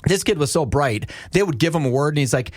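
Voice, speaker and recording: A man's voice: on the high side, lively intonation, quick pace, dry recording, studio quality. A man hosting a talk show, casually recounting a story and quizzing his co-host.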